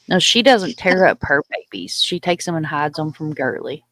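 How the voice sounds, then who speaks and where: A woman hosts a livestream, chatting casually, laughing often and baby-talking her dogs. Her deep, fairly bright voice has lively intonation and a moderate pace with hardly any pauses, recorded at studio quality with no room sound.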